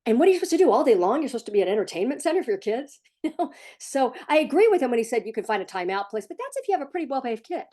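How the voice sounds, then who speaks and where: A woman in her forties, a parenting coach, talking casually to the camera in a chatty, animated way that keeps jumping up in pitch as she acts out what others say. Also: racing. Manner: chatty, animated, laughs, acts out quotes with a raised voice.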